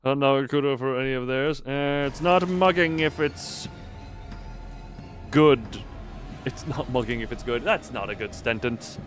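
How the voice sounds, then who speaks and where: A young man streaming a game live, reading the story text aloud and reacting loudly to it. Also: mid-range voice, measured pace, soft background music.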